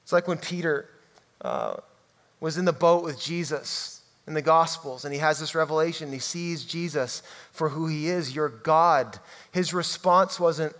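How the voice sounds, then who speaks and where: A man's voice: fairly high pitch, animated, unhurried. Emphatic preaching man in a reverberant hall. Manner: emphatic, shifts from loud to hushed. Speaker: pastor. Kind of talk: sermon.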